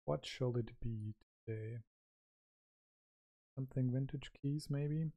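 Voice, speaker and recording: A man chatting casually on a live stream as he makes music, thinking aloud in an unhurried way, through a microphone with noise reduction and compression. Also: mid-range voice, muffled recording. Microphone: new microphone with noise reduction and compression.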